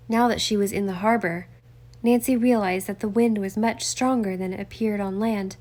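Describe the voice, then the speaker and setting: Woman audiobook narrator, mid-range voice, measured scripted storytelling. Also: mid-range voice, steady tone, a little mellow.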